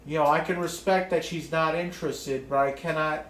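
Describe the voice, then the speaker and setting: Speaking to camera in an echoey room with some hiss or hum, a man with a fairly bright, highish, steady voice rants at a moderate pace. The vlogger rambles, curses a lot, and restarts sentences frequently, dropping many fillers.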